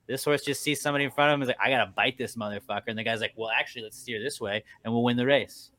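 A man hosting a casual podcast chat, telling animated stories, swearing freely and acting out quotes. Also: mid-range voice, rapid-fire, no echo. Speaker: radio morning show host.

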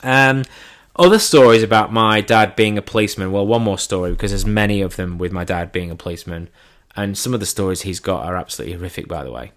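Speaking fast in a fairly low, slightly bright voice, an English thirty-something spins funny stories at his own expense, cursing casually along the way.

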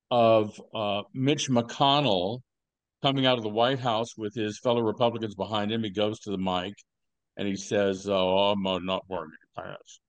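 An older man hosting a podcast, telling rambling stories with deadpan jokes and lots of fillers. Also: medium pitch, no room sound. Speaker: podcast host. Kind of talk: casual podcast chat.

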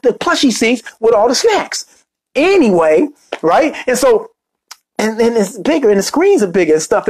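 Joking, animated male podcast coach. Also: extremely high pitch. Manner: joking, animated storytelling with playful asides. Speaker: podcast host and speaker coach. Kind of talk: casual motivational talk.

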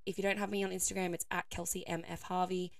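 A young woman hosts her own podcast in a loose, chatty way. Her voice is croaky and hoarse, and she laughs often and fills her sentences with easy fillers. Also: fairly low pitch, little pitch movement, fast, no room sound, studio quality. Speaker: podcast host. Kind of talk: casual solo podcast chat.

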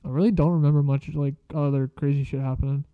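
Talking quickly but with a steady tone, a young man with a slightly high, clean-sounding voice spins school stories for a casual vlog. He rambles, curses, and leans hard on slang. The lo-fi recording is muffled and dry, with no echo.

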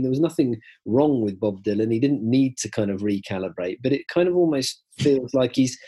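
Husky man musing on a podcast. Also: mid-range voice, a little mellow. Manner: rambling, hedging, lots of "kind of" and "I mean". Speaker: podcast co-host. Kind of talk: casual chat.

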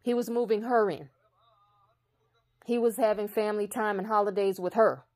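A woman in a casual spiritual monologue, blunt and profane, speaking slowly and with emphasis, building to a heated intensity. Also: medium pitch, steady tone, darkish tone. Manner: slow emphatic delivery that builds to raised intensity.

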